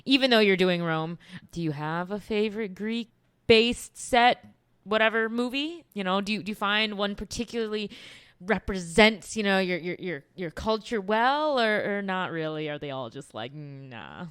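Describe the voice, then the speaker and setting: A woman's voice: medium pitch, moderate pace, a bit bright, clean tone, no room sound, studio quality. A woman hosting a podcast in casual conversation, chatty and often laughing. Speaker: podcast host. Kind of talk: casual chat.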